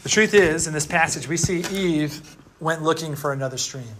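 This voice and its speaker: A man's voice: on the high side, moderate pace, noisy background. Chatty man preaching a casual sermon. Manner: casual and chatty, with lots of fillers and tag questions. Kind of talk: conversational sermon.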